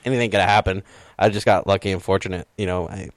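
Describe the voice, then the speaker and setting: Low-voiced man chatting, dry sound. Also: quick pace, no room sound. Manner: relaxed, storytelling, laughs easily. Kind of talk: casual chat.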